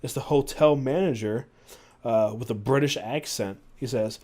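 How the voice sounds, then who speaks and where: A man's voice: medium pitch, moderate pace, dark tone. A man hosting a podcast, reading book passages aloud and adding casual asides with fillers. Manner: reads passages aloud, doing the quoted voices, with fillers and asides. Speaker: podcast host.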